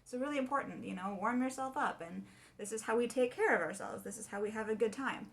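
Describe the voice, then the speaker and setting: A young adult woman voice teacher explaining warm-ups in a chatty way and singing short demonstrations. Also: on the high side, fast talker, gravelly. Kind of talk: casual video lesson.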